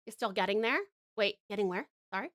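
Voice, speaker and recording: Speaking fast in a mid-range, fairly bright voice, this Australian streamer and voice actor reads out viewer messages in a casual chat. She laughs a lot and sometimes drops her thoughts halfway through.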